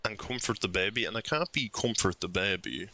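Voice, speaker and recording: Young guy streamer puzzling out loud, lowish voice, kinda bright and sharp, keeps insisting he's right. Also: a little fast. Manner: thinks aloud, argues with himself, insistent. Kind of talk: live game commentary.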